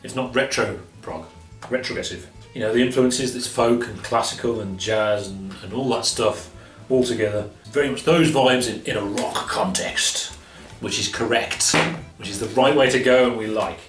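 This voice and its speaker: A man's voice: medium pitch, normal speed, hardly any pauses. A man casually chatting as co-host of an album review show, rambling and laughing often. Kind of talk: casual chat. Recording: roomy, slightly distant sound with faint music.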